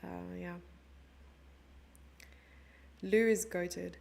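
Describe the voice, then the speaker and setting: A woman's voice: lowish voice, steady tone, very slow, creaky, a little mellow. A young South African woman commentating a chess stream live and chatting with her viewers in a giggly, casual way. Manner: chatty, giggly, reads chat messages aloud.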